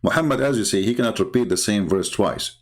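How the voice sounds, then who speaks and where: A man's voice: fairly low pitch, quick pace. A man hosting a livestream, arguing a point with rhetorical questions and plenty of hesitation. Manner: argumentative, repeats rhetorical questions, frequent filler. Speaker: online show host. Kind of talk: livestream commentary on religious texts.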